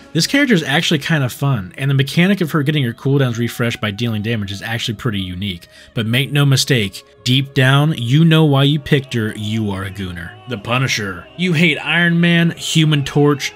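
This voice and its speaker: Sarcastic man roasting over faint music. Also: medium pitch. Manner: sarcastic, roasting deadpan delivery. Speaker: gaming video creator. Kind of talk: scripted comedic voice-over.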